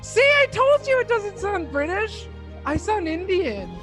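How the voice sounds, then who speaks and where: A woman's voice: very high voice, very animated, unhurried, music in the background. A woman hosting a podcast interview, chatting playfully and laughing often. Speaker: podcast host. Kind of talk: casual interview chat.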